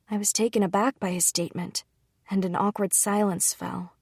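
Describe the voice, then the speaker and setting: A woman reads a light novel aloud in first person, calm and even. Her voice is husky with a gravelly grain, and the sound is close and dry. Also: mid-range voice, normal speed, no room sound. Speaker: audiobook reader.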